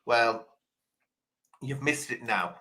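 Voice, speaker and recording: A man hosting a casual chat, telling a story in a lively, chatty way. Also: mid-range voice, slow, a crowd in the background. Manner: animated, chatty.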